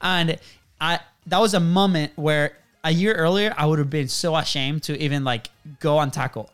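Man, podcast host, slightly high voice, smooth, casual rambling chat. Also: fairly even intonation, normal speed, fairly bright tone, faint music behind. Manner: rambling storyteller, frequent restarts and "right?".

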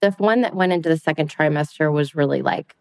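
A woman's voice: low-pitched, fast, no room sound, studio quality. A woman in her thirties, a podcast guest, telling her own story candidly and bluntly, swearing freely.

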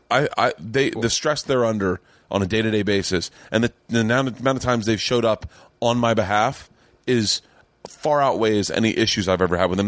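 A man's voice: fairly low pitch, dry recording. A man hosting a podcast in casual chat, earnest and rambling with many restarts. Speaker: podcast host. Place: home studio.

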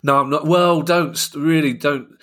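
A man's voice: a little high, steady tone, moderate pace, fairly bright tone. A man with a South London accent hosting a football finance podcast, chatty and jokey with lots of asides. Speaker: podcast host. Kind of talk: casual chat.

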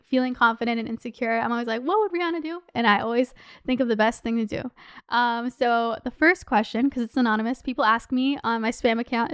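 A woman's voice: on the high side, a bit bright, clear, resonant tone, no echo, clean studio sound. A young woman in her twenties hosting a solo podcast, talking casually and passionately, with lots of "like" and casual swearing. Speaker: podcast host.

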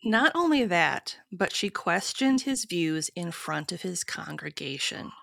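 A woman with a lowish voice and a gravelly, fry-laden edge, reading history aloud on a podcast. She keeps a steady, measured storytelling pace. The recording is close and dry, with no room sound. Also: dry recording. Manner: steady, measured storytelling with frequent short agreements. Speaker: podcast co-host. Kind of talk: reading researched history to co-hosts.

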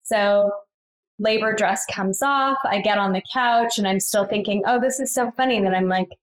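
A woman in her thirties recounts a personal story in a relaxed, chatty way. Her voice sits at an ordinary middle pitch. She jumps higher whenever she acts out what someone said. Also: moderate pace, low-quality recording. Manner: animated, acts out quoted lines with higher pitch, frequent fillers. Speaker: guest telling her birth story. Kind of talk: casual conversational storytelling.

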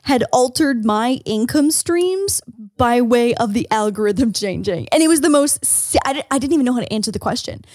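A woman's voice: on the high side, normal speed, no room sound, clean studio sound. A young woman, co-hosting a podcast in casual chat and telling stories with lots of fillers. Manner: animated storyteller, many fillers. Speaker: podcast co-host.

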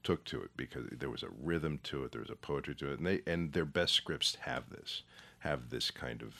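Older male guest: very deep, gravelly voice, rambling conversational delivery with restarts. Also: normal speed, sharp tone. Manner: rambling, searching for words, many restarts. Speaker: actor guest. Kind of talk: casual interview chat.

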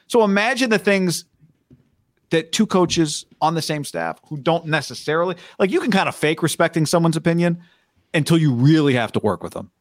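A man with a fairly high voice co-hosts a casual football podcast, telling stories loosely and acting out what coaches say. The clean studio sound has no room sound.

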